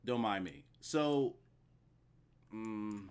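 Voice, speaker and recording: A man's voice: lowish voice, drawn-out words, clear, resonant tone. A man giving a casual, profane, rambling solo review of a wrestling show at his computer.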